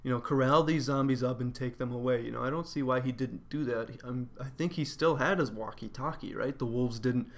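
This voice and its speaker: A man giving a casual spoken episode review, rambling with lots of fillers. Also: medium pitch.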